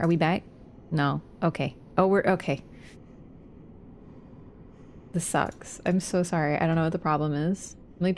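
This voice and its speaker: A woman's voice: fairly low pitch, darkish tone, a little hiss or hum. A woman streaming a video game, chatting casually to her viewers, apologetic and swearing now and then. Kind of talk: casual livestream chat.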